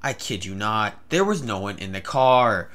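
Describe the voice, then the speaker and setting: A man's voice: fairly low pitch, lively intonation, normal speed, fairly bright tone. A young man telling a story in a rambling vlog, with many fillers and stammered restarts. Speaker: vlogger.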